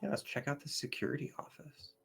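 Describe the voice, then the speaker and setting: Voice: medium pitch, animated, fast, creaky, breathy edge. A player talking casually during a tabletop game, somewhat hesitant.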